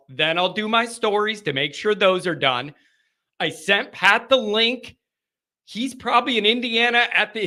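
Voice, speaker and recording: A man's voice: sits high, sharp tone. A man hosting a live sports call-in show, chatting casually with rambling asides, laughter and self-interruptions.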